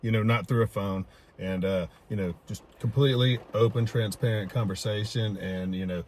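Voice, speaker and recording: A man with a low voice speaks as a guest in an easygoing conversation. He pauses often, fills the gaps with small hesitations, and lets his sentences fade out quietly. Faint background noise runs under him. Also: fairly even intonation. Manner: halting, many fillers, trails off softly. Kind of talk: casual chat.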